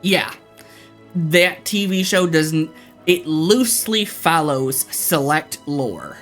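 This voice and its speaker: A man's voice: a little high, expressive, slow, a bit bright, faint music behind. A man livestreaming, ranting casually and profanely to his chat.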